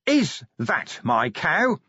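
A man's voice: a little high, sing-song, drawn-out words, fairly bright tone, slightly rough, muffled recording, voice pushed up, exaggerated voice. A man voicing a delirious, wounded middle-aged male watch commander who chants in a childlike daze and breaks into anguished wails. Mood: demanding.

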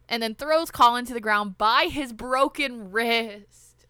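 A woman's voice: a little high, moderate pace, bright, forceful tone, dry recording. A woman in casual chat, recapping a movie scene by scene, with loose, profane asides. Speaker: podcast co-host.

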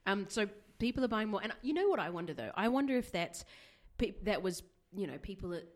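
A woman's voice: medium pitch, big pitch swings, brisk. A woman from Australia co-hosting a book podcast, chatting casually and rambling with fillers. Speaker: podcast co-host, bookshop owner. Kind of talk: casual chat.

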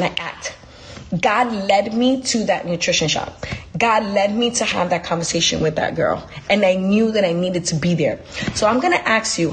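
A woman's voice: medium pitch, a little hiss or hum. A woman hosting a podcast, giving an emphatic, preachy motivational talk full of repetition, speaking from her desk. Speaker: podcast host.

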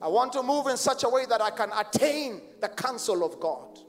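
A man preaches with rising fervor, his very high voice pushing into shouts as he leads the congregation in responses. His words ring out with a long stadium echo. Soft music plays underneath. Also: animated, normal speed. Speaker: pastor. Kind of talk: sermon. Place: large stadium crusade.

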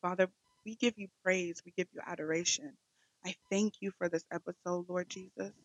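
A woman's voice: lowish voice, fairly even intonation, normal speed, no room sound. A woman leads a devotional podcast in a fervent, repeating prayer rhythm. The recording is dry, with no room sound, and a little dull and lo-fi. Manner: fervent, repetitive prayer cadence. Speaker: podcast host.

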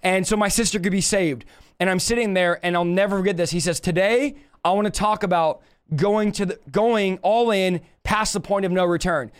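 High, smooth-voiced man telling his testimony. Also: normal speed. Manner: animated storytelling, acting out quoted dialogue; emotional, earnest. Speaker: preacher sharing his testimony. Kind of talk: live-stream testimony.

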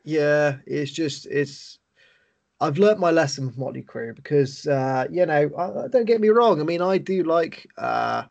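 Podcast co-host, gravelly and a bit high, sweary and rambling. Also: male voice, animated, a little slow, darkish tone, highs cut off. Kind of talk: casual chat.

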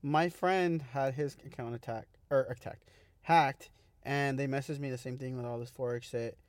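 A man's voice: medium pitch, steady tone, moderate pace, no room sound. A man in his twenties, a podcast guest, chatting in a playful, sassy way and laughing easily. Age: 20s. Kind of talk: casual chat.

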